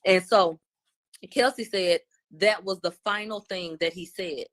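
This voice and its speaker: A woman recapping court testimony in a casual, animated way, using loose slangy speech. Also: on the low side, a little slow.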